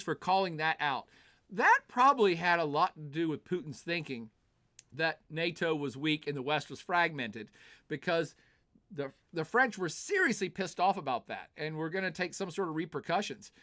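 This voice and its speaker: A middle-aged man hosts a live stream and works through viewers' chat questions. His voice sits a touch high, and his delivery is animated and conversational, tipping into rants. He laughs easily between points. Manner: animated, ranting, chatty, laughs often. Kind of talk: casual political commentary.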